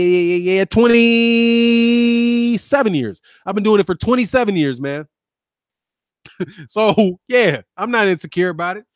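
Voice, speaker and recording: A man's voice: high voice, fairly bright tone, dry recording, studio quality. A man in his fifties, a lawyer hosting a boxing channel, ranting back at viewers with combative, sarcastic name-calling. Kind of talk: ranting commentary replying to viewers.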